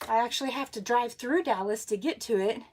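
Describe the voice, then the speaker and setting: A woman's voice: on the high side, a little fast, darkish tone. A woman, hosting a casual craft livestream, bubbly, laughing often and greeting viewers by name. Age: 40s.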